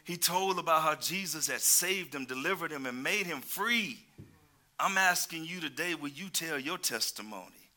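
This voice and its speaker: Very bright-voiced male preacher. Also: on the high side, lively intonation, normal speed. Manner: swings between loud exclamations and hushed asides; calls out to the congregation. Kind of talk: sermon.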